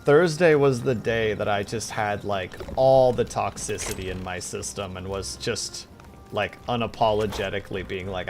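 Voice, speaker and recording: Gravelly-voiced man chatting on stream. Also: on the low side, normal speed, noisy background. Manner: chatty, jumps between game and chat replies. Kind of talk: casual gaming stream chat.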